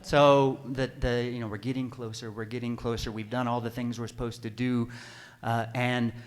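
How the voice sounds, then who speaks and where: A man telling a personal story live on stage at a story slam, animated and self-deprecating, now and then bursting into panicked yelps. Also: mid-range voice, normal speed, a little hiss or hum. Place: stage at an arts center.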